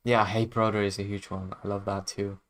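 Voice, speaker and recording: A man's voice: lowish voice, little pitch movement, a little fast, fairly bright tone, a little hiss or hum. A man chatting casually on his livestream as a music producer, laid-back and chuckling often, trailing off mid-sentence.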